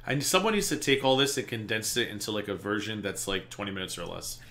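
A man's voice: on the low side, animated, quick pace, sharp tone, a little hiss or hum. A man hosting a live reaction stream, dropping blunt, sarcastic asides. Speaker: host reacting to a video.

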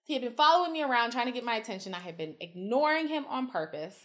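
A woman guest telling stories in casual chat, animated and swearing freely as she acts out quotes. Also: a little high, fast talker. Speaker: podcast guest.

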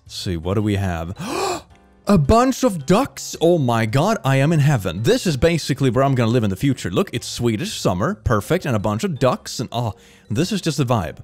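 Young guy reacting to clips, super swoopy voice, jokey and excitable, light music behind. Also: medium pitch, normal speed. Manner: excitable, jokey, gasps and laughs often. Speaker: reaction video host. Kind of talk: casual reaction commentary.

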